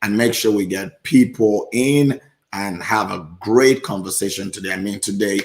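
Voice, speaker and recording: Low gravelly-voiced pastor. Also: male voice, moderate pace. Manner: relaxed, encouraging viewers to share and join in. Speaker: pastor and co-host. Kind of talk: live-stream church talk.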